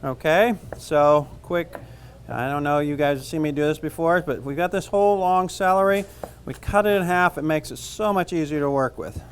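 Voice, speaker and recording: Joking cooking teacher over sizzling pan. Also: male voice, a little high, normal speed, clear, resonant tone. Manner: casual, joking, talks while cooking. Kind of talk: cooking class demonstration. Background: frying and sizzling.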